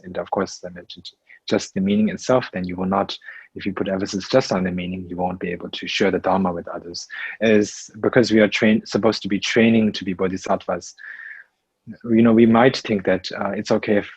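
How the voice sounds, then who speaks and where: A very low-voiced, husky man gives a Buddhist lesson at an unhurried, halting pace, often pausing on fillers and restarting his sentences. The recording sounds dull and dry, with little room around the voice. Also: no echo. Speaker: Buddhist teacher. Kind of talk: Dharma teaching in English.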